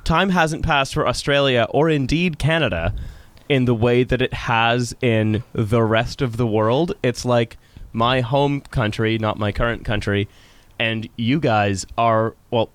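A man's voice: medium pitch, unhurried, clear, resonant tone, no room sound. A man chatting as a podcast guest in a studio, self-deprecating and rambling. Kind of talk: casual podcast chat.

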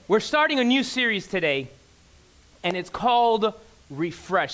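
A man in his thirties preaching a sermon in church, emphatic and excitable, repeating phrases for effect. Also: high voice, moderate pace. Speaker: pastor. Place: church sanctuary.

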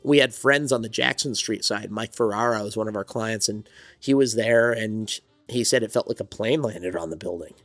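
A man's voice: fairly low pitch, normal speed, fairly bright tone, no room sound, faint music behind. A man from New Jersey, a songwriter and studio owner, telling his story in a rambling, reflective way as an interview guest. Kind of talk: casual interview conversation.

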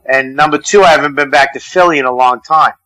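A man's voice: fairly high pitch, fast talker, dry recording, low-quality recording. A man, a comedian guest, telling profane stories in a casual radio chat. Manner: profane, animated storyteller. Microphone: phone call-in.

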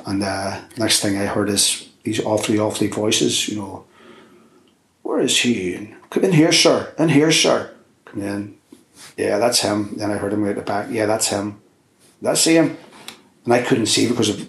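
Older Belfast man, interviewee, low gravelly voice, echoey room, telling a rambling story. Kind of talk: oral history interview. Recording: roomy echo.

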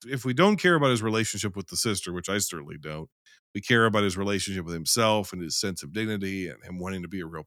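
Animated, swearing man reviewing a movie. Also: lowish voice, no room sound, clean studio sound. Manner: animated, profane, acts out scenes in quotes. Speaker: podcast co-host. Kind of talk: casual film discussion.

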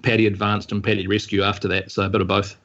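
Low-voiced New Zealand man in his forties. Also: flat delivery, a bit bright, dull audio. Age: 40s. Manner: easygoing and measured, with hesitant ums. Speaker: podcast guest. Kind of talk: casual interview answers.

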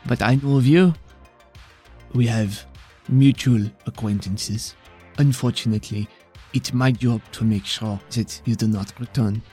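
A sinister shadowy stranger peers out of the dark with glowing red eyes, voiced by a man at the table. He talks smoothly and smugly, polite on the surface and threatening beneath. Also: mid-range voice, steady tone, a little slow, faint music behind. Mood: smug threat.

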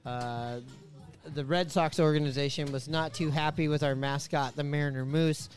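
A man's voice: on the high side, moderate pace, soft background music. A man hosting a casual sports podcast, joking around and swearing freely. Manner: excitable, swears freely, jokey. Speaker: podcast host. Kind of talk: casual chat.

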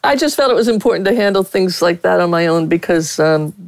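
A woman's voice: on the low side, expressive, brisk, no echo, rough recording. A middle-aged woman from Pittsburgh, a veteran sportswriter, telling frank stories with a blunt, candid manner as an interview guest.

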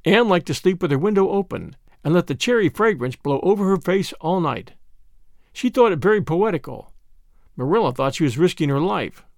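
Man narrating storybook, high voice, lively pitch, dry close sound. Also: moderate pace, dry recording. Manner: expressive storytelling. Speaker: audiobook narrator. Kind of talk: scripted narration.

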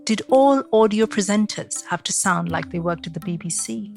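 A woman's voice: medium pitch, expressive, moderate pace, creaky, faint music behind. Reflective Indian-accented woman podcast host. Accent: Indian, mix of Mumbai, Kerala and East London. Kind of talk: podcast interview and scripted narration.

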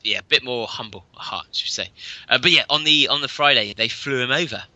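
A man in casual podcast chat, with a very bright, sharp tone. He tells stories in an animated way and slips into impressions of other people. The sound is close and dry, with no room echo. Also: fast, highs cut off. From England. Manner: animated storyteller, mimics people with big pitch jumps. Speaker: podcast co-host. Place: bedroom at home.

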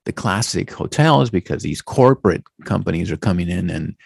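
A man in his fifties chatting casually and rambling about the old days, with a gravelly, slightly husky voice and animated bursts. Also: sits low, normal speed, dry recording, clean studio sound. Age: 50s. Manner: animated, rambling, slips into Spanish exclamations. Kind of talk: casual chat.

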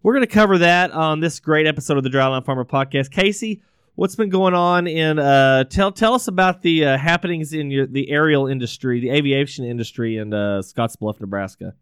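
A man hosts a casual podcast in a smooth, clear voice that sits close and dry. He rambles, restarts sentences and laughs easily. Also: a little high, brisk, a bit bright, no echo. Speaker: podcast host.

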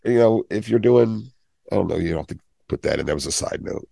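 Male podcast co-host, 50s, very low voice, jokey tangents, dry booth. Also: animated, quick pace, vocal fry, warm tone, no room sound. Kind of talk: casual chat.

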